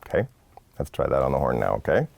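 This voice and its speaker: Deep gravelly man teaching horn. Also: very animated, fast talker, a little mellow, no echo. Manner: patient, explanatory, casual asides. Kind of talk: instructional lesson. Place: studio set.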